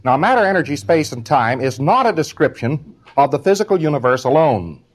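A man's voice: fairly high pitch, sing-song, a little fast. A man delivering an informal spoken lecture in a conversational, wry manner, now and then acting out short quotes.

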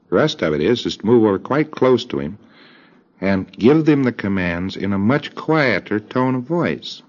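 A low-voiced man lectures with a lively, swinging delivery and slips into quoted voices as he goes. The sound is dull and lo-fi, like an old tape. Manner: deliberate, acts out dialogue in quoted voices. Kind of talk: recorded lecture.

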